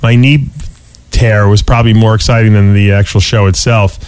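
A man's voice: on the low side, fairly even intonation, normal speed, a little mellow, no echo. A man chatting casually as a podcast co-host, telling stories with many restarts and fillers. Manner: rambling storyteller, lots of restarts and "you know". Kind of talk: casual chat.

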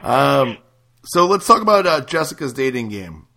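A man's voice: medium pitch, big pitch swings, normal speed, gravelly, pushed and bright, slight background noise. A man hosting a radio show, chatting casually with a caller and planning the next segment. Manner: conversational, plans the show. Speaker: radio host. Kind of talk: casual chat.

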